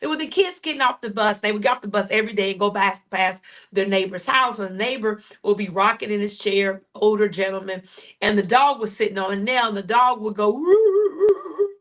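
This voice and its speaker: A woman preaching a sermon as a podcast host, with repeated refrains and direct questions to her listeners, moving between quick storytelling and slow, drawn-out declarations. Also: medium pitch, fairly bright tone.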